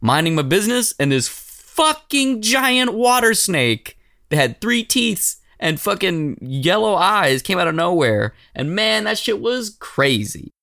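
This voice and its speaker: A man putting on the voice of an excitable, profane old boat captain, pitched high above his usual voice and rambling breathlessly. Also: unhurried, creaky, no echo, studio quality, exaggerated voice. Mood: worked up.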